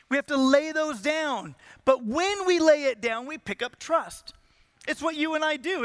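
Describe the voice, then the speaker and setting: High, bright-voiced preaching pastor. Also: male voice, no room sound. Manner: preaching with rising intensity and rhetorical questions. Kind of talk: sermon.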